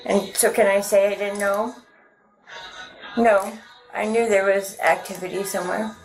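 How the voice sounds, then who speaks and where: A woman's voice: mid-range voice, level tone, unhurried, soft background music, poor audio. A woman questioned by police as a suspect, answering in a rambling, hesitant and defensive way. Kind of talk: police interview.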